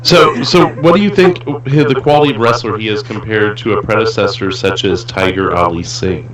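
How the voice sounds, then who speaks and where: A man's voice: lowish voice, moderate pace, reverberant, distant mic, a crowd in the background, poor audio. A man co-hosting a casual online show, steering the talk with dry questions. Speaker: co-host. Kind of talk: casual chat.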